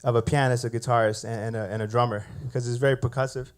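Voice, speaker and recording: A man on stage at an open mic, chatting loosely between numbers. He laughs often, fills pauses with "uh" and "you know", and sounds a touch out of breath. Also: mid-range voice. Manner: laughing, relaxed, rambling with fillers. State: catching his breath. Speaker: open mic bass player. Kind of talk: casual chat between songs.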